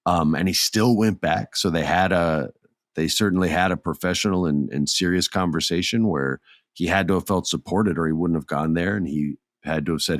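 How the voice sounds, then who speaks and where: A man's voice: deep voice, animated, brisk, dry recording, studio quality. A middle-aged man hosting a podcast, chatting enthusiastically and animatedly about wrestling. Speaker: podcast host. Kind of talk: casual wrestling commentary.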